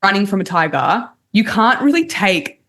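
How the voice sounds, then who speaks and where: A woman dating coach, a guest on a podcast, calmly explaining techniques step by step in casual conversation. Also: medium pitch, normal speed. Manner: calm, explanatory, walks through techniques step by step.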